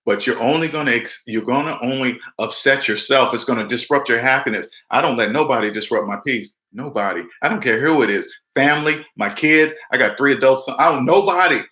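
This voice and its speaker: Speaking briskly and with hardly any pauses, this man in his forties has a medium-pitched, sharp voice that echoes in the room. As a personal finance vlogger, he delivers a casual, preachy pep talk to camera, repeating himself and voicing others' quotes.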